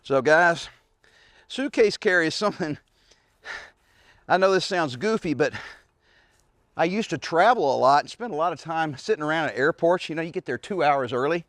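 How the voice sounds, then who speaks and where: A winded man in his forties coaches carrying exercises while he does them, his fairly high voice broken by grunts and heavy sighs. The sound is close and dry, with no room around it. He talks casually, like a coach demonstrating in his own backyard. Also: expressive, normal speed, pauses often, a bit bright, no room sound. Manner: talks while lifting, grunting and sighing with effort. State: out of breath. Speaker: fitness coach. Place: outdoors in a backyard.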